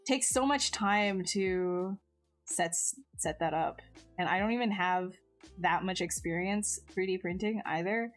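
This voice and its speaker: A woman's voice: on the low side, a little slow, soft background music. A woman chatting casually on a live stream while she sculpts, answering viewers in a self-mocking way that often trails off and restarts.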